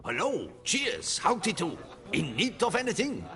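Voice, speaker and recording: A man's voice: high-pitched, huge pitch swings, measured pace, in a large hall, full character voice. An actor playing a cheerful, chatty male innkeeper in a video game, with a hearty, theatrical delivery. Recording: game audio with crowd chatter behind.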